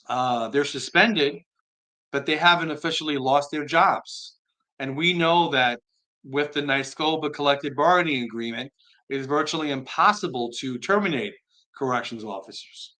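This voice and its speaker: A man hosting a live stream, reading viewer comments aloud and answering them in an earnest, unhurried way. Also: fairly high pitch. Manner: earnest, soft-spoken, admits being slow tonight.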